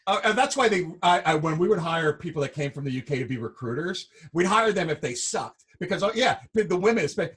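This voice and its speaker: Lively-pitched male podcast co-host. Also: a little fast, few pauses. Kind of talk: casual live-stream chat.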